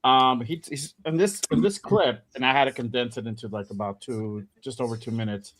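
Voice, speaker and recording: A man hosting a casual sports talk show, talking in a relaxed, rambling way with frequent fillers. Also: mid-range voice, a little fast. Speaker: podcast host.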